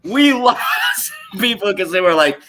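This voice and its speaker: A playful man co-hosting a late-night stream, laughing at the jokes. His voice is high and bright, and it swings widely. He speaks at a slow, easy pace. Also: very animated, a little hiss or hum. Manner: giggly, playful. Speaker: podcast co-host. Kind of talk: casual livestream banter.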